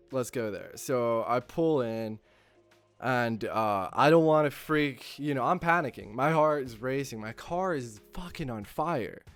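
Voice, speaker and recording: A man hosting his channel, telling a casual anecdote with constant swearing and lively acting out of his own lines. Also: mid-range voice, clean tone. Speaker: channel host.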